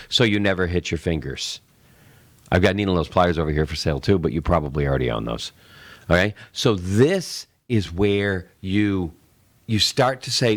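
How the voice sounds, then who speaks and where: A middle-aged man co-hosting a casual tech podcast, rambling as he explains with acted-out sales examples. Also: low-pitched. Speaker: tech show co-host.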